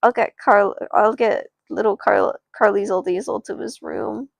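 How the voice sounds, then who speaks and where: A woman voicing a protective older sister who tries to calm her siblings. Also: mid-range voice, a little slow, creaky, dry recording. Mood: soothing. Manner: brave, soothing.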